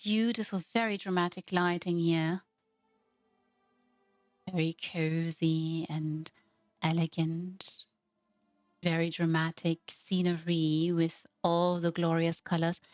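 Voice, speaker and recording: A woman's voice: lowish voice, flat delivery, takes it slowly, pauses often, a little mellow, dry recording, lo-fi sound, soft background music. A woman hosting a narrated house tour, gushing with effusive praise. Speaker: host.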